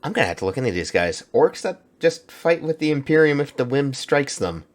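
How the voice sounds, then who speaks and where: A man's voice: medium pitch, sing-song, fairly quick. A man hosting a reaction video, talking casually, thinking aloud and swearing freely as he comments.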